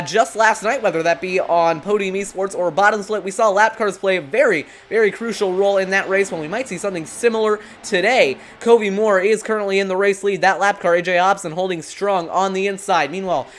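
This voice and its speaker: This is a lead commentator on an online sim racing broadcast who calls the race play-by-play. The delivery is brisk and steady, reeling off driver names, positions and corners, and the pitch sits in a middling range. It sounds like a headset mic on a remote call.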